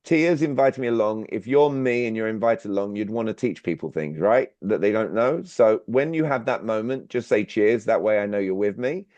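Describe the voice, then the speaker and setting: Over a video call, a clarity coach from Britain runs an online workshop, keeping the audience engaged with frequent questions. He speaks in a lowish, animated, slightly mellow voice at a moderate pace with few pauses, and the audio is dry, slightly dull, and free of room sound.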